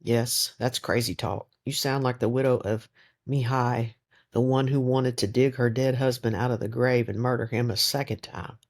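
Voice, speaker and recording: A man's voice: medium pitch, steady tone, moderate pace, natural voice. A man reading the lines of a hostile, bullying drunken village man in an audiobook. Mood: scornful. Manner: sneering, bullying.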